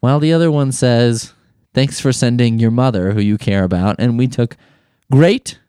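A man's voice: mid-range voice, normal speed, mellow, clean tone, no echo. A man hosting a podcast, talking in a rambling, irreverent, jokey comic monologue into a studio microphone. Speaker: podcast host. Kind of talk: casual comedic monologue.

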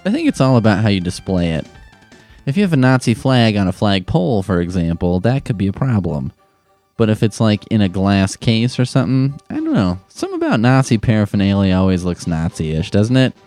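A man's voice: fairly low pitch, sing-song, a little fast, dark tone, soft background music. A young man hosting a comedic advice show, answering letters with sarcastic, profane rants. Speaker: advice-column host.

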